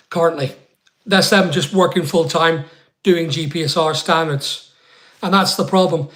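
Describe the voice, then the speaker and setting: Blunt, rambling man with a high voice. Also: a bit bright. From Scotland. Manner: blunt, swears casually, rambling asides. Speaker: live stream host. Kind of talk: casual live chat answering viewers.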